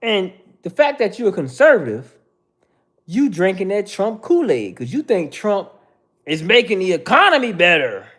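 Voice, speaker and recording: High, lively, mocking male streamer. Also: normal speed. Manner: mocking, profane, confrontational. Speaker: host answering viewer chat. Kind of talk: casual livestream chat.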